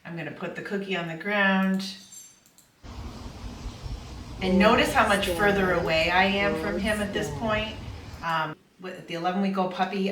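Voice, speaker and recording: Middle-aged lady dog trainer talking calm n steady, lowish voice, faint background noise. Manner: calm, affirming explanations. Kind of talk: instructional voice-over. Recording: echoey room, from far off, faint noise.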